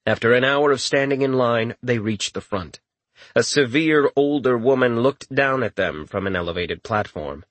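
A man narrating a fantasy story in a wry, expressive reading. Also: mid-range voice, normal speed, dry recording. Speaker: audiobook narrator. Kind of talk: scripted narration.

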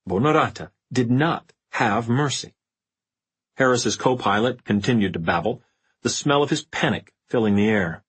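A man narrates a fantasy novel at an even, measured pace. His voice sits at a middle pitch with a husky grain. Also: rough recording. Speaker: audiobook narrator. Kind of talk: scripted narration.

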